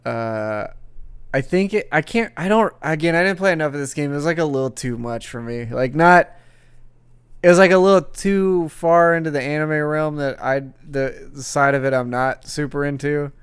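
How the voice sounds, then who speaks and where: A man's voice: a little high, moderate pace, smooth, no echo. A young man hosting a casual gaming podcast, rambling, swearing and laughing as he talks. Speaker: podcast host.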